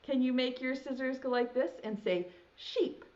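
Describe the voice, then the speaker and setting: Brisk and high-pitched but with a darkish tone, a young woman leads little ones through an online preschool class in a sing-song, encouraging manner. She draws out her sounds, and the recording's highs are cut off.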